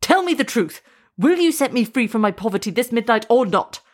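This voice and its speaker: A woman's voice: on the high side, lively intonation, normal speed. A woman voicing an angry, determined young man in a storybook reading, making firm, insistent demands. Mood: stern.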